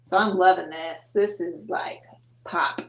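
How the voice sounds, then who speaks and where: A woman's voice: fairly low pitch, fairly even intonation, a little slow. A woman hosting a live painting show, chatting playfully and explaining her steps as she works. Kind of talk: casual live painting chat. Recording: echoey room.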